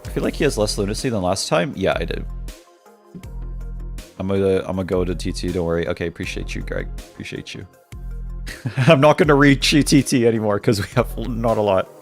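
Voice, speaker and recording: A man's voice: lowish voice, animated, fairly quick, creaky, soft background music. A man live-streaming a game, chatting casually with his viewers in a playful, teasing, mock-dramatic way.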